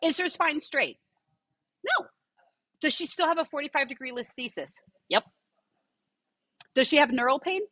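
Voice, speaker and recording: A middle-aged woman Pilates instructor, a podcast guest, telling client stories in an animated, emphatic and reassuring way. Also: high-pitched, normal speed, long pauses, dry recording. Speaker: Pilates instructor and studio owner.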